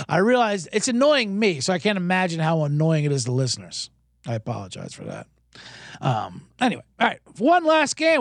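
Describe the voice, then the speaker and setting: Gravelly-voiced man hosting a betting show. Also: sits high, no echo, studio quality. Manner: rambling, self-mocking, rhetorical questions. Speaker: host. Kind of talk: casual sports betting talk.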